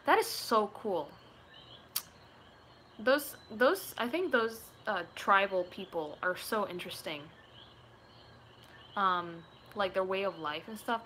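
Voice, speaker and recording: A woman's voice: medium pitch, animated, slow pace, long pauses, a bit bright, slight background noise. A woman, chatting casually and rambling through viewer questions, giggling often. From Puerto Rico. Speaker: gaming YouTuber.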